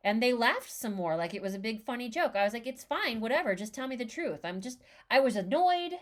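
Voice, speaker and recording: Animated woman telling a story. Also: a little high, a little fast, few pauses. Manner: animated, acts out quoted dialogue. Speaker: podcast co-host. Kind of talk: casual storytelling chat.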